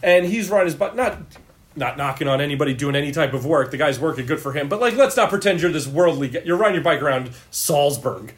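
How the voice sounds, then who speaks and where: Man, slightly raised pitch, wry, sarcastic, casual podcast chat. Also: animated, quick pace. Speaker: podcast co-host.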